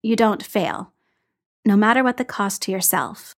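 A woman reading a calm, dry-humored man. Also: medium pitch, a little slow. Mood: measured.

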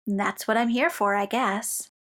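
A woman reading fiction aloud and voicing an earnest, bemused young male scientist in a soft, slightly hesitant way. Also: mid-range voice, steady tone, unhurried, natural voice.

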